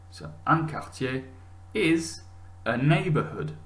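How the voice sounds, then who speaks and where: A man talks through a recorded lesson like a teacher. He is patient and encouraging, and he often stops to restart a sentence or add an "um". His voice sits at an ordinary middle pitch. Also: lively intonation, slow, fairly bright tone.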